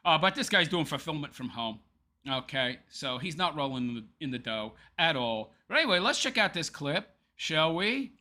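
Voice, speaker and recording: A man's voice: a little high, very animated, moderate pace, sharp tone. A man hosting a commentary show, talking sarcastically over a clip and laughing often at his target. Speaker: show host.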